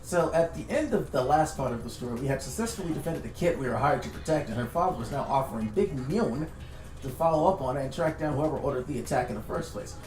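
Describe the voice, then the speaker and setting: A man recapping a tabletop game story to friends over voice chat, casual and animated, swearing at times. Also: mid-range voice, quick pace, over music. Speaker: streamer recounting a tabletop campaign. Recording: echoey room sound.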